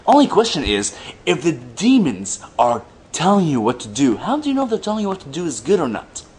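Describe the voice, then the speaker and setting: A man reading religious texts aloud in a slow, deliberate way, breaking off for mocking, dry asides. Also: a little high, wildly swooping pitch, a little mellow, a little hiss or hum. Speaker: commentator reading hadith aloud.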